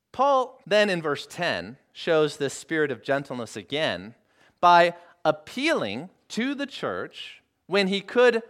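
Earnest preacher with a lively, swinging voice. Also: male voice, fairly high pitch. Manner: earnest, addresses listeners with rhetorical questions; emphatic repetition of phrases. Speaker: pastor. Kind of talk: sermon.

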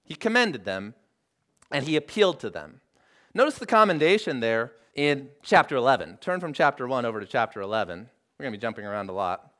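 A man's voice: medium pitch, sing-song, brisk, bright, forceful tone. A male pastor preaching a sermon, earnestly putting rhetorical questions to his listeners and repeating phrases for emphasis.

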